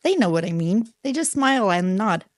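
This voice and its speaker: A woman's voice: mid-range voice, animated, brisk, dry recording, studio quality. Playful, teasing woman co-host. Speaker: podcast co-host. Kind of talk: casual chat.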